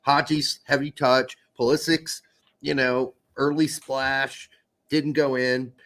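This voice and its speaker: A man co-hosting a podcast, chatting casually about a soccer match, animated and swearing freely. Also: mid-range voice, slow pace. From Netherlands. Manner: animated, swears, acts out quotes. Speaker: podcast co-host. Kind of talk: casual sports chat.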